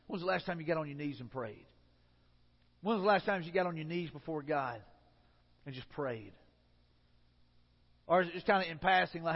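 A man's voice: high voice, animated, fairly quick, pauses often. A man, a pastor giving a sermon in a conversational way, often repeating and restarting his phrases. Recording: muffled sound in a reverberant hall.

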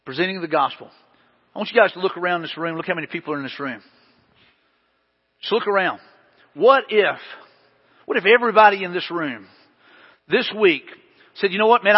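A man's voice: sits high, a little fast, long pauses, slightly rough. A man preaching to a congregation in a church hall, telling stories in a conversational way with folksy asides. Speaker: pastor. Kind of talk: sermon. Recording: long hall reverb, dull lo-fi sound.

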